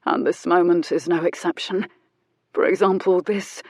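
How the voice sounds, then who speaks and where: A woman voicing a poised, wealthy male marquess who speaks in a low, teasing, intimate murmur. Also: steady tone, moderate pace, darkish tone, no echo, clean studio sound, lightly acted.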